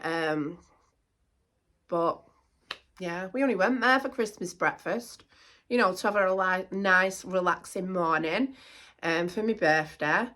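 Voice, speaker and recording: A middle-aged woman, talking casually to camera as a vlogger, animated and indignant, repeating herself. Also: fairly low pitch, unhurried, long pauses.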